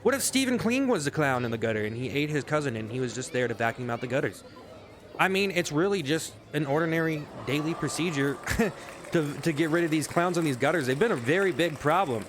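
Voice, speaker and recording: A man's voice: a little high, animated, fairly quick, a little hiss or hum. A man ranting in a sarcastic, rambling comedic monologue, swearing often, in a casual vlog. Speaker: vlogger.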